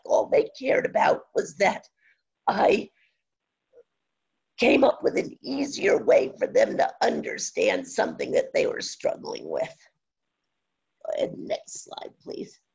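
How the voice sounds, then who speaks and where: Very scratchy, halting older presenter. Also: mid-range voice, vocal fry, husky, highs cut off. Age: 60s. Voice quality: very scratchy, strained, breaking voice. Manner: halting, with many pauses and fillers. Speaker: online instructor. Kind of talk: webinar presentation.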